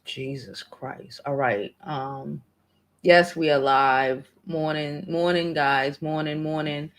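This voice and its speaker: A woman's voice: low voice, steady tone, slow pace. A woman hosting a casual livestream, talking emotionally and emphatically, swearing freely and repeating hopeful affirmations over and over. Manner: emotional and heartfelt. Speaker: livestream host.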